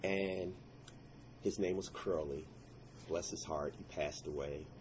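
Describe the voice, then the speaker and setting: A man's voice: a bass voice, fairly even intonation, takes it slowly, highs cut off, noisy background. A man telling a personal story in an earnest, intense way, breaking into prayerful exclamations. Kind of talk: personal story told to listeners.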